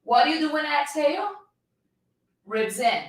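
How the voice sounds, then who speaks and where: A woman's voice: high voice, animated, moderate pace. A woman fitness coach leading a live workout class, talking energetically and coaxing her viewers while she demonstrates a plank. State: shaking from holding a plank. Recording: very echoey room, voice distant from mic.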